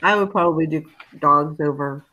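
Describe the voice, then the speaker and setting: A middle-aged woman hosting a casual chat on a video call, easygoing and a little halting. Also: sits low, sharp tone, low-quality recording. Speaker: host.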